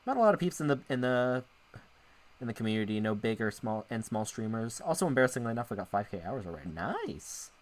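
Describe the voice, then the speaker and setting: A man with a mid-range voice streams as a VTuber, talking quickly with big swings in pitch. He chats casually with viewers while playing and reading a visual novel, rambling and often cutting himself off.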